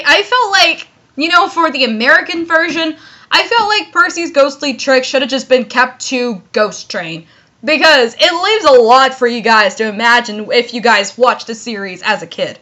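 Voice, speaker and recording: A woman's voice: high-pitched, pushed and bright. A young woman reading fanfiction aloud in a casual, rambling way, with lots of fillers and giggles between lines. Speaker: fanfiction reader.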